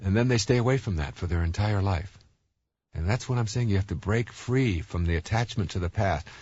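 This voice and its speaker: A man in his fifties giving a motivational talk, telling stories with animated energy and repeating words and fillers as he goes. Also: on the low side, brisk, breathy edge, no echo, lo-fi sound. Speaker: motivational speaker.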